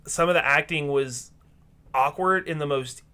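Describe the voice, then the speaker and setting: Bright-voiced man rambling through a podcast. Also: a little high, moderate pace, clean tone. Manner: rambling, with many ums and restarts. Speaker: podcast host. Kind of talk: casual chat.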